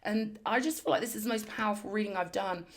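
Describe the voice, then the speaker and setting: A woman's voice: medium pitch, fast talker. A woman doing a spiritual tarot reading, talking in emphatic, affirming bursts and repeating phrases for effect. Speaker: tarot reader.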